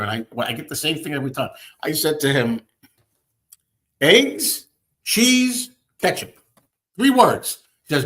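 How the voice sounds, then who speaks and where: Ranting male host, lively storyteller. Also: a little high. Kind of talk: casual chat.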